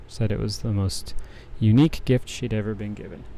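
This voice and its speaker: Working thread on a cross-stitch during his casual livestream, a man speaks briskly in a lowish, mellow, steady voice. He rambles and keeps restarting, and there's a slight hiss or hum on his desk microphone.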